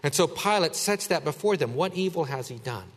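A man preaching a sermon as pastor, emphatic, swinging between a raised voice and a hushed one. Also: a little high, animated, a little fast, long reverb tail.

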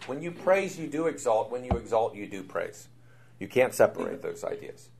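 Middle-aged man teaching Scripture, animated emphasis, stumbles and restarts. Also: mid-range voice, normal speed, gravelly, crowd noise. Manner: animated, repetitive emphasis, frequent fillers and restarts. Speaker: Bible teacher. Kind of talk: Bible study teaching.

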